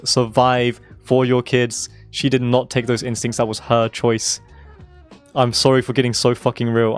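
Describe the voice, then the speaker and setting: A hoarse young man rants to his stream, hammering his points home by repeating them and swearing freely. His voice sits in a middle pitch, with a little music playing softly behind him. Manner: emphatic, swearing, repeating himself for stress. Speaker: game streamer. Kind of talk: casual live-stream rant.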